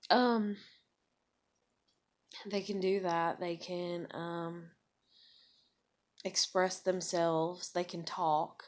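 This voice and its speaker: A woman's voice: fairly low pitch, fairly even intonation, very slow, long pauses. A woman venting angrily and bluntly to camera, swearing often. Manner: angry, profane, blunt. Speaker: vlogger. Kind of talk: personal vent to camera.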